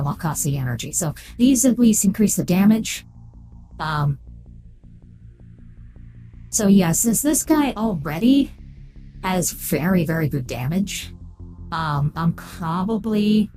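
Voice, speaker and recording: A woman's voice: lowish voice, mellow. A woman streaming a game through a voice-changer filter, chatting casually, thanking followers and reading chat aloud. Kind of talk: casual live-stream chat while playing.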